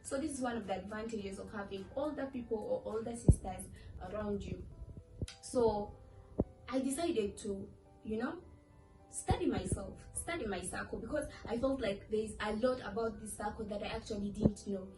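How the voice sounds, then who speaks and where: This is a young woman's playful, chatty vlog, spoken casually to camera, where she performs the voices of the people she quotes. She speaks at a normal speed in a mid-range voice. The room is echoey, the mic distant, and faint music plays in the background.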